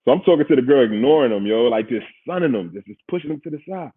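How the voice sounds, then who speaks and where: A man's voice: mid-range voice, animated, fast talker. A man from Queens with a New York accent, telling a story in casual, slangy podcast talk and laughing often. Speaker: podcast host, former pro football player. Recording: husky voice over tinny phone-like line.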